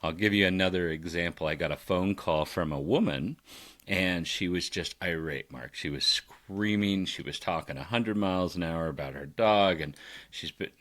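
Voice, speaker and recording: Man, very low voice, dog trainer, animated storyteller, laughs a lot. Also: normal speed. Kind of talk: casual podcast conversation.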